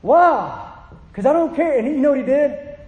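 High-voiced impassioned male preacher. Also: quick pace, narrow, tinny audio. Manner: impassioned, pleading, acts out quotes. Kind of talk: sermon. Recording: echoey hall.

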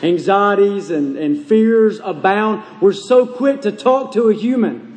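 High-voiced man preaching in a reverberant hall. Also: lively intonation, a little mellow. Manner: earnest preaching, slows and drops low on key phrases. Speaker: pastor. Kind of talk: sermon.

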